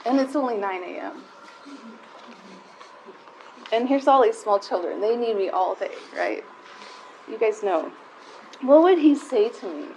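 A woman's voice: on the high side, lively intonation, a little slow, pauses often, a little mellow, slight background noise, rough recording. Heartfelt woman speaking to moms. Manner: heartfelt, conversational, near tears at times. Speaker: speaker at a mothers' group. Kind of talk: personal talk to a live group.

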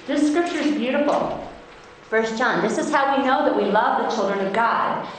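A middle-aged woman from Iowa giving a devotional Bible talk at a women's conference, speaking earnestly and slowing down to read verses. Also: a little high. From Iowa, United States. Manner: earnest, emphatic, reads verses slowly; self-described feisty. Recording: very echoey hall, faint noise.

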